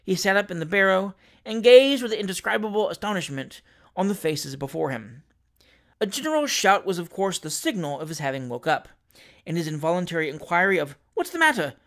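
Brief: male reader narrating a classic novel, higher voice, measured and expressive. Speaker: audiobook reader.

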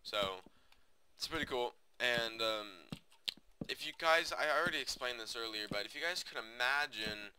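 A man's voice: medium pitch, normal speed, pushed and bright, slight background noise. A young man from the United States chatting casually to viewers over his gameplay, rambling with many fillers and restarts. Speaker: gaming video host.

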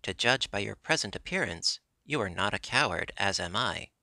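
A man voicing a timid but dignified male lion in a storybook reading, speaking gravely and courteously. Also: fairly low pitch, expressive, normal speed, bright, forceful tone, dry recording, exaggerated voice.

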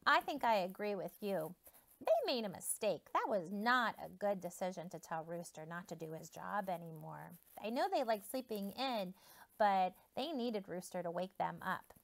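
Expressive woman teacher reading to children. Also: medium pitch, moderate pace, vocal fry. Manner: expressive, asks children questions. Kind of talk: reading a story aloud to children.

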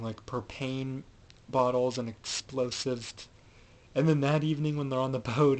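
A man's voice: mid-range voice, rough recording. A man giving a casual, rambling recap of a film, with many fillers and restarts. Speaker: film reviewer.

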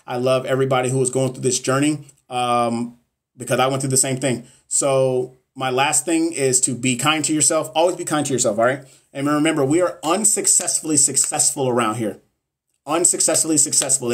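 A man coaching nursing exam students in a casual livestream, blunt and motivational with frequent profanity. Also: mid-range voice.

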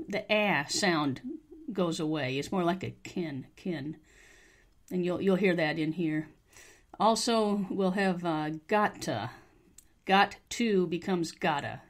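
An American woman with a mild Southern accent, hosting a podcast pronunciation lesson, repeating phrases slowly and carefully for learners to copy. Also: fairly low pitch. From United States. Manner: slow, careful modeling of phrases, repeated for practice. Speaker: English teacher, podcast host.

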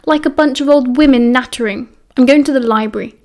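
A woman with a British accent voicing a moody teenage schoolboy wizard who yells and snaps at his friends. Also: sits high, a little fast. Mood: angry. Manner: yelling, snappish.

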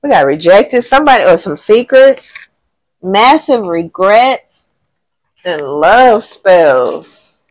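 A woman giving a casual tarot reading to a general audience. She thinks aloud, talks in lively slang, swears now and then and often says she does not know. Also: medium pitch, takes it slowly. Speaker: tarot reader.

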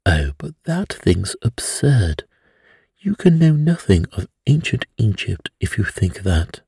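Man reading an incredulous gentleman, deep and husky. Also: sing-song, slow, no echo, studio quality, exaggerated voice. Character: incredulous titled English gentleman.

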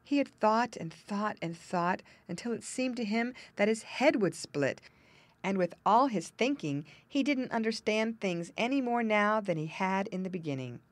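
A woman narrating a children's storybook aloud with expressive storytelling emphasis. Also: mid-range voice, normal speed, dry recording. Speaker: audiobook narrator.

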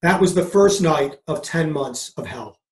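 A middle-aged man, a mindset coach appearing as a podcast guest, earnestly recounts a personal story and acts out past conversations in quotes. His voice is on the high side and animated, at a measured pace. The recording has a roomy echo.

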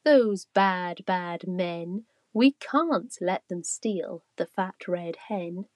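A woman's voice: on the low side, drawn-out words, no room sound. A woman voicing two indignant farm cats.

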